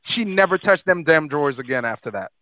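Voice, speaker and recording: A man on a podcast telling a story in casual, profane, animated talk. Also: a little high, a little fast, dry recording, highs cut off. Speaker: podcast co-host.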